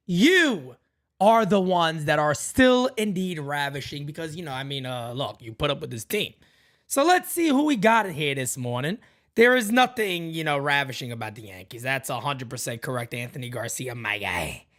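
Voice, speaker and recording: Animated podcast host greeting his chat. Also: unhurried. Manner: hyped shout-outs to chat, drops low when serious. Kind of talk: live morning show chat.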